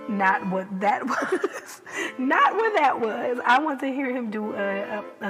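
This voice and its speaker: A young woman reviewing a TV episode in a casual vlog, chatty and animated, laughing often and filling with "like". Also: medium pitch, rough recording.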